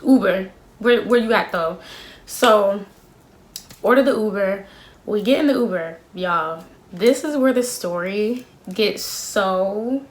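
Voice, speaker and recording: A young woman in her twenties telling a story to her phone camera in a casual, slangy, animated way, laughing often. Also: mid-range voice. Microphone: phone camera at arm's length.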